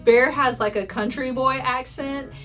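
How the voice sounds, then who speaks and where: A woman's voice: high voice, fairly even intonation, a little slow, a bit bright, soft background music. A woman guesting on a casual YouTube interview, bubbly and giggling between answers.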